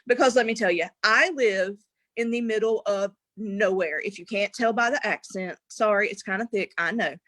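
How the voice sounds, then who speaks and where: A woman's voice: medium pitch, normal speed, dry recording. A young adult woman, a guest in an interview, telling her story casually and acting out what people said, laughing often. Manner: animated, acts out quotes, laughs often.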